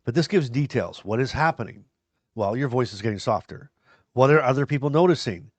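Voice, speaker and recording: A man's voice: mid-range voice, lively intonation, brisk, dry recording. Man, podcast host, earnest, encouraging, affectionate, dry close sound. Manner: self-deprecating humor. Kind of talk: casual podcast talk to viewers.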